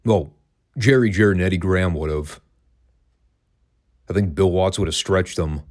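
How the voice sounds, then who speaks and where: A man's voice: low-pitched, moderate pace, darkish tone. A man hosting a solo podcast, talking in a wry, sarcastic, conversational way. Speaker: wrestling podcast host. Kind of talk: casual commentary, solo podcast.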